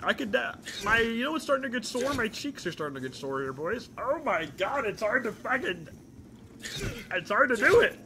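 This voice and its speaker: A male streamer putting on a nasal, strained frog puppet voice while gaming, yelping and squeaking. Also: very animated, moderate pace, background noise, exaggerated voice. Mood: strained, frantic.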